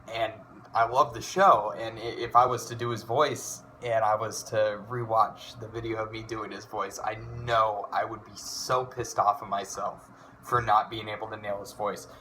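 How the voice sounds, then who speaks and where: A hobby voice impressionist in his twenties chats casually in a vlog, rambling and swearing with plenty of fillers. His voice sits on the low side, sounding pushed and bright, with a faint hiss or hum.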